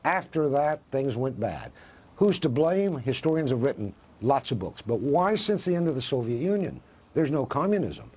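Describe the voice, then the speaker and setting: A male professor speaks as a guest on a televised news interview. His voice is slightly husky, and his pitch swings widely as he argues with passion. He keeps posing rhetorical questions. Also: sing-song, normal speed, darkish tone. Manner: impassioned, asks rhetorical questions.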